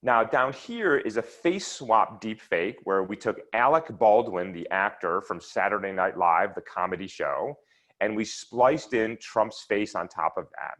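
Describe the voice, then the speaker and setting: An unhurried, animated man with a lowish, slightly bright voice presents his research online. His seminar lecture moves through slides and charts step by step in an explanatory manner.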